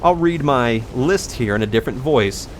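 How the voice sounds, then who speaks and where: A man chats casually over his gameplay, rambling from one joke to the next. His intonation rises and falls a lot, and he talks in quick bursts. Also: medium pitch, expressive, a little hiss or hum. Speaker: gaming video host. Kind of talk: casual let's-play commentary.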